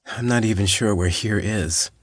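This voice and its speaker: A man's voice: on the low side, moderate pace, dry recording, clean studio sound, natural voice. A man voicing an injured, dazed hiker in an audiobook, talking in a groggy, confused way.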